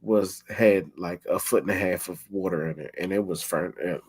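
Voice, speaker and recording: Laid-back man telling stories, low voice. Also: normal speed, breathy edge. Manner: relaxed storytelling, acts out his own thoughts in quotes. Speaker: podcast host. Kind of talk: casual chat.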